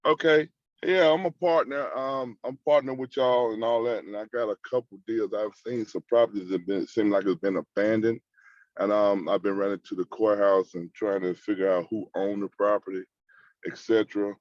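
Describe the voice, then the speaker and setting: A man calling into a webinar, speaking haltingly with many fillers over dull call audio. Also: on the low side, fairly even intonation, no room sound. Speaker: caller. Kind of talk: call-in question.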